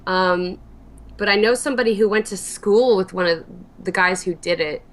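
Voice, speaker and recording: A woman's voice: mid-range voice, moderate pace. A young woman from New Jersey, a guest streamer, rambling chattily with fillers and swearing. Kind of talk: casual interview chat.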